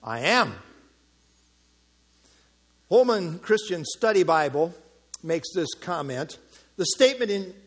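This is a male pastor giving a verse-by-verse sermon. His voice sits high and swings widely in pitch. He stays animated and playful, mixing teaching with jokes for his listeners. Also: breathy edge. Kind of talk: expository sermon.

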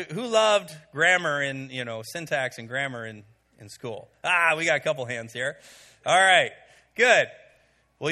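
A man's voice: medium pitch, sharp tone. A man teaching a Bible study to a live group, talking in a conversational way with many "okay"s and fillers and asking the room questions. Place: before a live audience in a room.

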